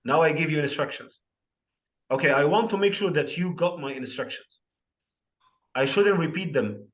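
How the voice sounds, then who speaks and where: A man's voice: on the high side, animated, moderate pace, dull audio. A man running an online teacher-training webinar, explaining terms through questions and examples. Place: video call.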